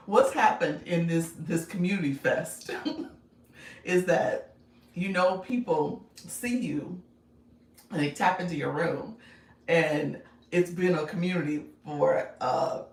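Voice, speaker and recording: Lady livestreaming and laughing a ton, slow talker, mic kinda far off. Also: fairly low pitch. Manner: laughs often, chatty, reads out comments. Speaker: livestream host and coach. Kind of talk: casual livestream chat with viewers. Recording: echoey room, distant mic.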